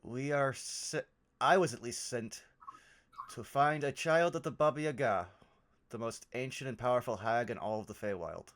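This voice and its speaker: A man's voice: mid-range voice, fairly bright tone. A man playing a tabletop game, chatting casually and describing what his character does. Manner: quick reactions, describes his character's actions. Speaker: player.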